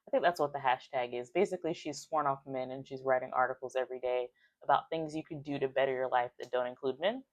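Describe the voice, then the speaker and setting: Woman, deep voice, casual book recap, filler-heavy, dry close sound. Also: fast, no room sound. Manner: chatty, with many "like" fillers, acting out quoted lines. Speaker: book reviewer.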